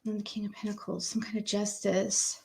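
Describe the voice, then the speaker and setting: A woman's voice: mid-range voice, flat delivery, moderate pace, creaky, a little mellow, husky. A woman doing a casual tarot-reading livestream at home, emotional and nervous, laughing between readings and talking to her pet.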